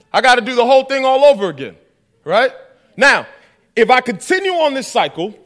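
A man's voice: very high voice, pushed and bright. A man preaching a sermon, telling a story with acted-out dialogue and asking the audience questions.

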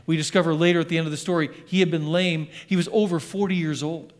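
A middle-aged man, a pastor, preaching a sermon in an animated way, acting out scripture voices. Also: on the high side, fast. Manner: animated, acts out scripture voices, sings along.

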